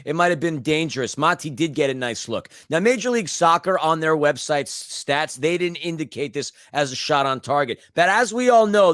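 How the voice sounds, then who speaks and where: A man's voice: a little high, fairly bright tone, no echo. A man co-hosting a podcast, recapping a soccer match in casual chat with blunt rants and sarcastic asides. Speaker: podcast co-host.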